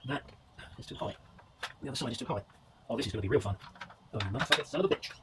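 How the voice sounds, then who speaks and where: A man talks his viewers through a motorcycle repair in his home garage. His casual commentary keeps slipping into muttering and swearing at the parts. He has an average pitch, and there is clear workshop noise around him. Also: very fast. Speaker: motorcycle restoration vlogger.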